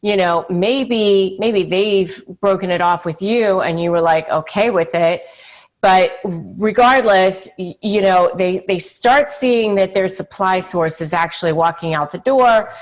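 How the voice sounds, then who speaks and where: A woman's voice: mid-range voice, unhurried. A woman hosting a talk video, explaining her topic in a conversational, emphatic way with frequent fillers and short acted-out quotes. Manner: acts out quoted pleading lines. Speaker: channel host. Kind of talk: direct-to-camera advice talk.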